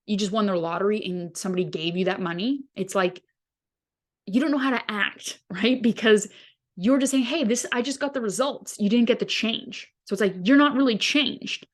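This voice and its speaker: Woman, podcast host, dietitian, casual teaching, conversational, everyday examples, mid-pitched.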